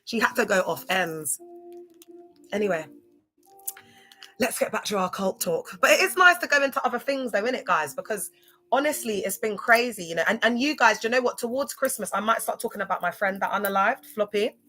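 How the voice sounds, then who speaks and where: A woman's voice: medium pitch, lively intonation, brisk, pushed and bright, faint music behind. A young woman chatting casually to viewers on a livestream, laughing often. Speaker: livestream host.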